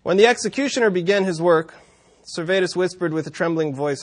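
A man's voice: fairly high pitch, fast talker. A man preaching a sermon, telling a historical story with wry asides and occasional chuckles.

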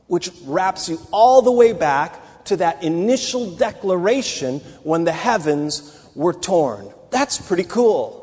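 A man's voice: high-pitched, very animated, slow pace, darkish tone, slightly rough. A man teaching a sermon, telling the story with dramatic emphasis and many restarts. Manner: rambling with restarts. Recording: hall reverb.

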